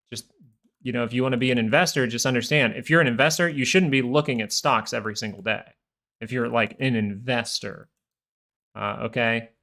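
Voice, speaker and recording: A man's voice: medium pitch, a bit bright. A man hosting a live stock market stream, talking casually in a rambling, chatty way. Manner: rambling, chatty, full of fillers and asides.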